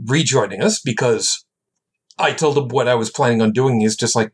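Husky, animated male podcast host. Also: mid-range voice, normal speed. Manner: rambling, jokey, animated. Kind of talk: casual live podcast chat.

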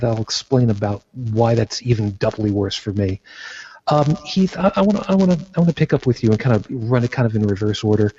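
A man's voice: mid-range voice, warm tone, breathy edge, dull audio. A man hosting a casual podcast discussion, emphatic and opinionated, often repeating phrases as he builds a point. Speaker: podcast host.

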